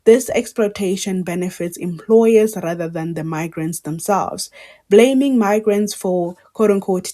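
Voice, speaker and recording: South african lady vlogging her opinions, kinda low voice, earnest and pushy with the questions. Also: mellow. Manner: earnest, argumentative, with pointed rhetorical questions. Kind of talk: social commentary vlog.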